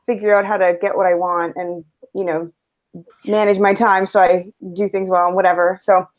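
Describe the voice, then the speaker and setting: A woman's voice: fairly low pitch, little pitch movement, moderate pace. A woman in her twenties speaking hesitantly in a casual panel discussion. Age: 20s. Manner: hesitant, soft-spoken, with fillers.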